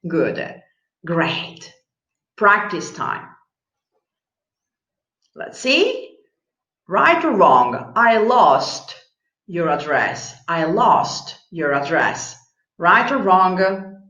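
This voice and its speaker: A woman teaching an English grammar lesson, slow and encouraging, who repeats example sentences, with slightly non-native phrasing. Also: lowish voice, very animated, pushed and bright. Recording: echoey room, dull lo-fi sound.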